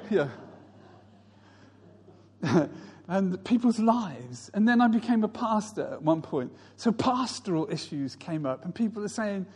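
Husky high-voiced preacher in a hall. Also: male voice, lively intonation, slow pace, long pauses, darkish tone. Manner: storytelling, mimics others in raised voices. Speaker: pastor. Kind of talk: sermon.

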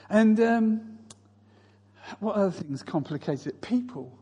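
A man's voice: sits high, animated, slow, mellow, husky, in a large hall. A male pastor preaching a sermon, telling stories and mimicking other people's voices.

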